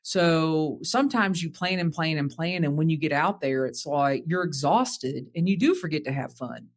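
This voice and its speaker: A man co-hosting a podcast, chatting in a relaxed, agreeable way with long run-on sentences. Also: a little high, normal speed. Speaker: podcast co-host. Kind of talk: casual podcast conversation.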